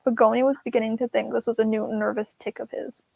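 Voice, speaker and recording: A woman's voice: fairly high pitch, level tone, fast, vocal fry, darkish tone, no echo. A young woman co-hosting a casual livestream book discussion, giggly and fond of reading passages aloud in voices. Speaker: book club co-host.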